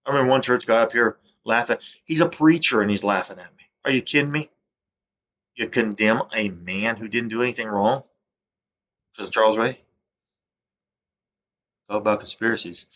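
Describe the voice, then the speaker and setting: A man's voice: fairly low pitch, normal speed, pauses often, a bit bright. A man, delivering an aggrieved, rambling monologue that repeats itself and keeps breaking off to restart. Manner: agitated, repetitive, restarts often. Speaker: vlogger. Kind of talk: aggrieved rambling monologue over screen recording.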